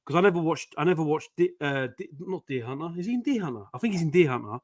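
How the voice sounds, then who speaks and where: Man, rambling jokey co-host, dry close sound, slightly raised pitch. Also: animated, fast, no echo. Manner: chatty, jokey, rambling with restarts. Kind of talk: casual chat on a live stream.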